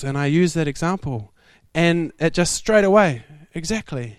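A young man preaching a sermon, telling stories in a lively way and laughing often. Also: on the high side, moderate pace, few pauses, smooth, no echo. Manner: animated, laughing storyteller. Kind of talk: sermon storytelling.

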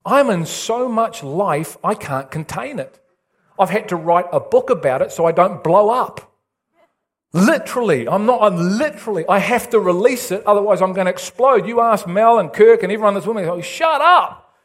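A male pastor preaching an excitable, animated sermon with big swings in pitch. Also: normal speed.

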